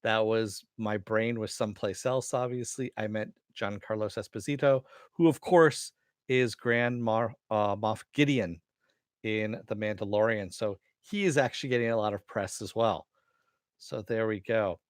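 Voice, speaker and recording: A man's voice: on the low side, normal speed, dry recording, studio quality. A man hosting a casual spoken review of a cartoon episode, rambling and laughing as he retells funny lines, with some cursing. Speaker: host reviewing animated episodes.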